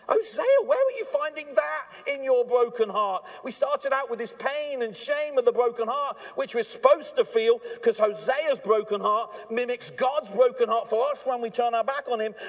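A man preaching a sermon at an evening church service, earnest and swinging between hushed warnings and fervent emphasis. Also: extremely high pitch.

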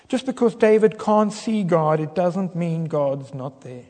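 A man's voice: fairly high pitch, animated, measured pace, a little mellow. A man preaching a sermon, dramatic in delivery and rising to fervent cries when he quotes prayers. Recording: long reverb of a hall.

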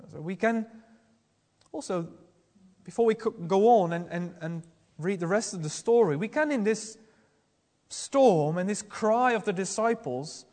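High-voiced man preaching in a hall. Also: a little mellow. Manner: earnest, questioning, with frequent restarts. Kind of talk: sermon.

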